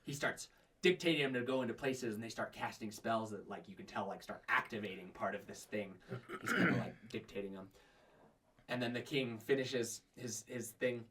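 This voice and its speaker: A man's voice: mid-range voice, moderate pace, a bit bright, distant mic. A man narrating a tabletop game as game master, rambling with many fillers. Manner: rambling, filler-heavy, frequent laughs.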